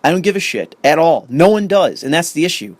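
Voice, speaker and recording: A man's voice: a little high, sing-song, a little fast, no room sound. A young man ranting in commentary, profane and sarcastic, reading an article aloud and arguing with it. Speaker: commentary host.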